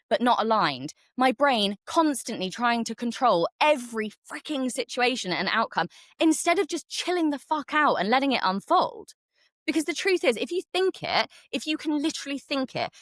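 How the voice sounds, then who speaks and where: A woman hosting a motivational business podcast, talking energetically and swearing casually, her pitch jumping up on key points. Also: fairly bright tone, no echo, clean studio sound. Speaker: podcast host and business coach.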